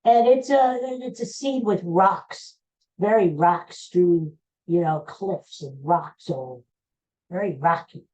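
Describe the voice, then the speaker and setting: A man's voice: sits high, slow pace, darkish tone. A man hosting a podcast, telling a story in a chatty, rambling way and often breaking off mid-phrase to restart. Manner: chatty, rambling, self-interrupting. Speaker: podcast host. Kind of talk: casual storytelling monologue. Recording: dull lo-fi recording.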